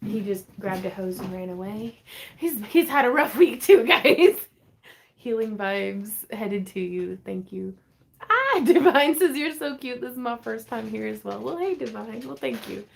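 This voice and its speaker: A woman's voice: fairly high pitch, lively intonation, creaky. Chatty woman hosting a craft livestream. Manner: chatty, rambling, quick to laugh; reads viewer comments aloud and answers them. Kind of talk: casual livestream chat. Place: at home.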